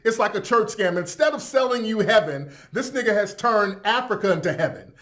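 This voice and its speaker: A man's voice: sits high, expressive, a little fast, hardly any pauses, a bit bright. A man hosting a reaction video, giving profane, incredulous, mocking commentary and laughing as he talks.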